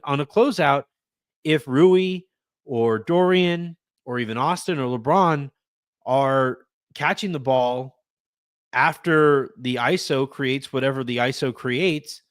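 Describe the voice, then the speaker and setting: A man hosting a casual sports podcast, talking in an animated way and often repeating words and restarting sentences. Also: fairly high pitch, dry recording, clean studio sound. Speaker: podcast host.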